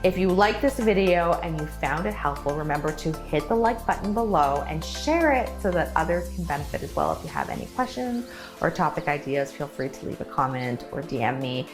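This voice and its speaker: Low-voiced woman speaking coach, deliberate, punches key words, faint music behind. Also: big pitch swings. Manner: clear, deliberate delivery with emphasized words. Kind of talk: coaching tutorial to camera.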